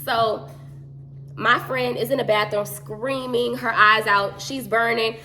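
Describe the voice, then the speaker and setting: A woman telling a story in a casual chat, animated and slangy. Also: on the high side, slow pace, soft background music.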